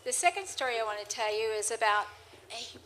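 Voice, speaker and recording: Bright, chatty woman telling stories. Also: on the high side, expressive, fairly quick, a little hiss or hum, rough recording. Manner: chatty, rambling, with restarts. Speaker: storyteller on stage. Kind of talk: live anecdotal storytelling. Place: presentation hall with an audience. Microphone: handheld microphone.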